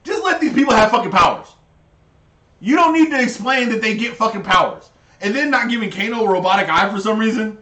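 A man's voice: sits high, lively intonation, brisk, bright, forceful tone, echoey room, far from the mic. A man co-hosting a podcast in casual chat, giving blunt, emphatic opinions. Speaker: podcast co-host.

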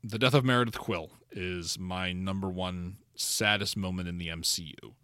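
A man's voice: low voice, fairly even intonation, moderate pace, bright, forceful tone, clean tone, no echo, clean studio sound. A man co-hosting a podcast in casual chat, often repeating words and restarting his sentences. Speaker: podcast co-host.

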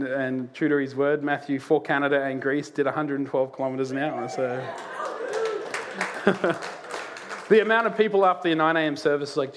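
A man preaching a sermon in a church, a lively storyteller who laughs through his anecdotes. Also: mid-range voice, fast talker, noisy background. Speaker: pastor. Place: church auditorium.

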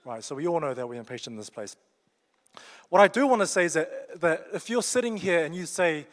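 A man's voice: a little high, expressive, fairly quick. A young man with a New Zealand accent preaching a sermon in a joking, conversational, down-to-earth way. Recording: long reverb of a large hall.

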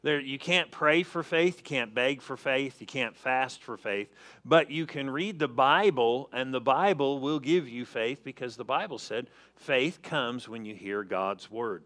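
A man's voice: mid-range voice, unhurried, a bit bright. A man preaching a sermon as pastor, emphatic, calling on the congregation to answer and repeating key phrases.

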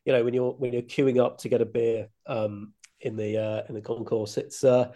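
A man's voice: mid-range voice, flat delivery, moderate pace, mellow. A man chatting on a football podcast, musing in a hesitant way with lots of ums. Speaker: podcast guest. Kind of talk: casual football podcast chat.

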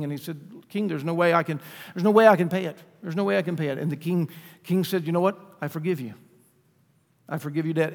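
A man's voice: high voice, big-room sound. A man preaching a sermon as pastor, speaking conversationally and asking the congregation rhetorical questions. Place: church sanctuary.

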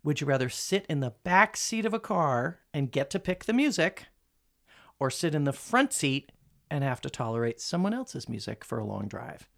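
A woman with a lowish voice hosts a relaxed podcast chat. Her pitch roams widely as she teases her co-hosts. Her tone is wry and easygoing. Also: vocal fry. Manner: wry, teasing, often affirms others with quick yeps. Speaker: podcast host. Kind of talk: casual chat.

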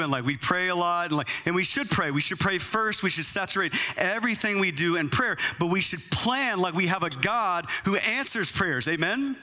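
A male pastor preaches in a lively, conversational way and acts out short exchanges as he talks. His voice sits high and sounds clear and ringing. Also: brisk. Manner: animated, conversational preaching with acted-out dialogue. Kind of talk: sermon.

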